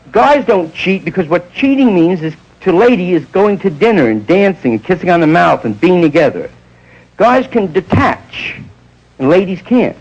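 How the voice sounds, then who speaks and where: A man's voice: high-pitched, darkish tone, highs cut off. A man around forty doing an improvised stand-up monologue, rambling and digressive, with muttered asides. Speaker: stand-up comedian.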